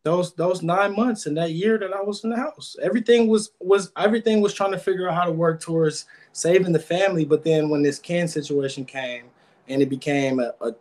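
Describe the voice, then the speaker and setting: Casting: man, a touch higher-pitched, emotional guest, rambling and repetitive. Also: fairly quick, darkish tone. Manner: emotional, rambling, repeats words. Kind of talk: emotional interview answers.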